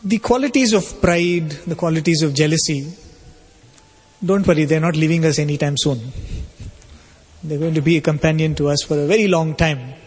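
A man giving a spiritual talk, telling a story in a measured, explanatory way. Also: a little high, slightly rough. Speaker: spiritual speaker. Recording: long reverb of a hall.

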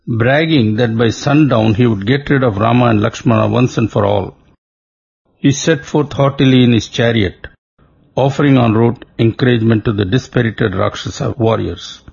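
A man narrating an epic story in a measured, formal scripted talk. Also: medium pitch, creaky, a little mellow, slightly rough. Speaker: narrator of a spiritual radio talk. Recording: dull lo-fi recording.

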